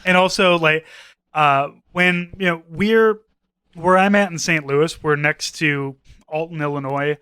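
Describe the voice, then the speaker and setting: Podcast guy rambling thru a story, bright clear voice, dry mic. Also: fairly high pitch, unhurried, dry recording. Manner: rambling, retells scenes with quoted voices, swears. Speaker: podcast co-host. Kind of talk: casual chat.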